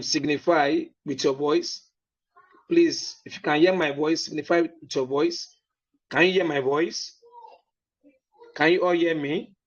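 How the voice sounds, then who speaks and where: A man hosting an online business meeting. He gives a motivational talk, keeps checking that listeners can hear him, and fills his pauses with "um". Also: fairly high pitch, highs cut off. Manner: slow, deliberate delivery with many fillers.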